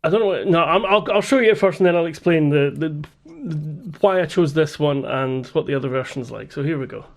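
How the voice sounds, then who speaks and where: A man hosting a relaxed chat between friends. His voice sits a little higher than most men's, and he rambles, jokes and trips over his own restarts. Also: brisk, creaky, few pauses. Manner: rambling, joking, hesitant with many restarts and laughs. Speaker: podcast host. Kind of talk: casual chat.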